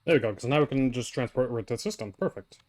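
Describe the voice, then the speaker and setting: A man's voice: medium pitch, rapid-fire, darkish tone. A man livestreaming a game, chatting casually and rambling to his viewers while he plays. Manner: rambling, talks to chat while playing. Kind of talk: casual live gameplay chat.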